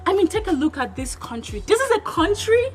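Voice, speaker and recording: A woman with a strikingly high voice delivers opinionated vlog commentary. She talks emphatically and keeps firing rhetorical questions at her viewers. Faint background music runs under her voice. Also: very animated, brisk. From Nigeria. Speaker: vlogger.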